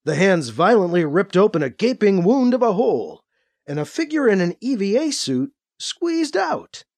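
Male narrator, expressive storybook read, high and animated. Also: normal speed. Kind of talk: scripted narration.

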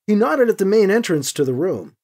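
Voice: medium pitch, very animated, a little fast, darkish tone. An audiobook reader narrating a science fiction story and voicing each character.

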